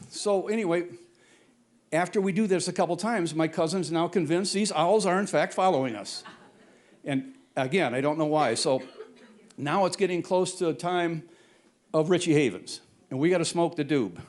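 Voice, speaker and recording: Older man telling a rambling story. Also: high voice. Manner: rambling, self-correcting, chuckling as he tells it. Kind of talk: live stage storytelling. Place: stage at a brewery before an audience.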